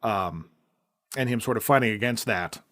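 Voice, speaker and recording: A man co-hosting a podcast, talking casually about a film in long rambling stretches that often drop off quietly. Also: on the low side, normal speed. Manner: rambling, trails off into quiet asides. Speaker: podcast co-host.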